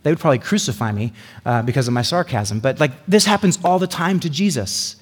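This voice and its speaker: A man preaching a sermon as a pastor, telling the story in an animated, sarcastic way. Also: mid-range voice, a little fast, slightly rough. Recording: hall reverb.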